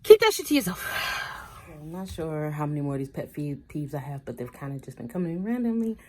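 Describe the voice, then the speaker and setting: A woman's voice: deep voice, quick pace, warm tone. A woman in her thirties vlogging from a car, giving her blunt, outspoken opinions and swearing freely. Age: 30s. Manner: mocks others with trailing "da, da, da". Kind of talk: casual opinion rant to camera.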